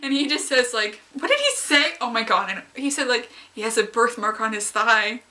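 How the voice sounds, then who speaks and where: Young woman, bright higher voice, giggly chatty fan ramble. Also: fairly quick. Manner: excitable and giggly, squeals when quoting her own reactions. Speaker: fanfic reviewer. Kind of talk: casual rambling review.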